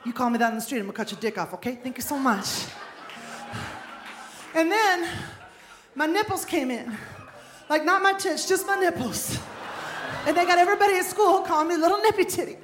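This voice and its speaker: A woman's voice: very high-pitched, animated, brisk. A woman comedian telling a crude, brash story in a live stand-up set. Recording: roomy live club with music. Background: music.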